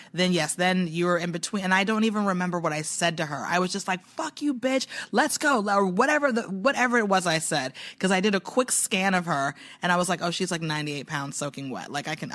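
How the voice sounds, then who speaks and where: A woman's voice: lowish voice, fairly bright tone. A woman telling a heated, profane story in casual chat, acting out what people said.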